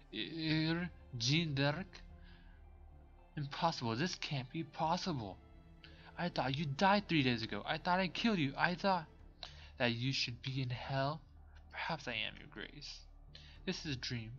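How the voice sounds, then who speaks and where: Man playing a shrill, terrified old bishop. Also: lively intonation, moderate pace, a bit bright. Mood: panicked. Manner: panicked, begging, voice cracking high. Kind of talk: reading game dialogue aloud on a stream. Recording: dull lo-fi with faint music.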